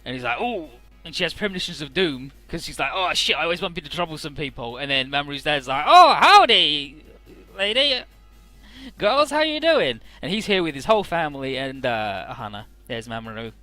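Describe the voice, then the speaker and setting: A man's voice: fast talker, few pauses, pushed and bright, faint music behind. A young man in casual game commentary, swearing freely and reading out character lines in playful voices. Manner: swearing, laid-back, jumps into squeaky voices for characters. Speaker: let's play commentator.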